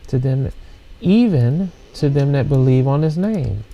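Male preacher, bible study; unhurried, phrase-by-phrase delivery, dark tone, asks "See?" a lot. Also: medium pitch, lively intonation, dull audio. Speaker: preacher leading a scripture study. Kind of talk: informal bible teaching, reading verses and explaining them.

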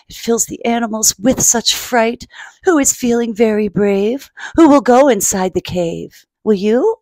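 A woman reads a picture book aloud for young children in a slow, unhurried way. Her voice sits a little higher than most and stays playful, with questions to the listener and hushed whispers here and there. The recording is dry and close. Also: no echo. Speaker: children's storytime host.

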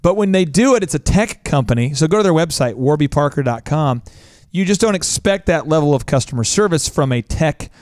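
A man from Oklahoma, hosting a business coaching show, talks fast and animated, joking and mimicking voices. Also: a little high, no echo, studio quality. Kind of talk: energetic instructional talk.

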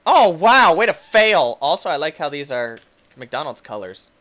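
Goofy male let's-play host, high and bouncy, bright tone, yells at the game a lot. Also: very noisy. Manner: excitable, goofy, quick to laugh and yell at the game. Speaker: gaming YouTuber.

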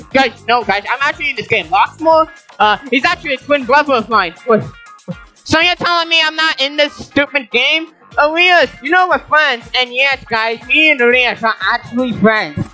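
High, bright, whiny panicky woman. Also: normal speed, soft background music. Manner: whiny, panicky and melodramatic, often shrieking. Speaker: YouTuber. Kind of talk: comedic gaming vlog rant.

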